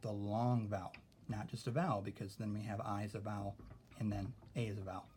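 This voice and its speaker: A man's voice: on the low side, level tone, brisk, mellow, a little hiss or hum. A man teaching a phonics lesson to a class, patiently sounding out vowels and syllables.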